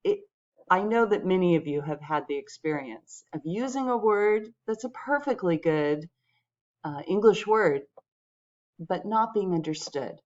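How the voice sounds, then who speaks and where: A woman teaching English pronunciation, speaking patiently and clearly to her viewers. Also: fairly low pitch, expressive, measured pace, a little mellow, dull audio. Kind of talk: pronunciation lesson.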